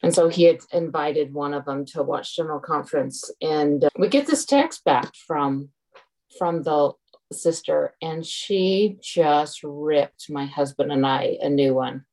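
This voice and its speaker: A woman's voice: low-pitched, unhurried, mellow, rough recording. A middle-aged woman telling a frank, exasperated personal story to a group. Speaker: group member sharing. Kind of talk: casual personal sharing.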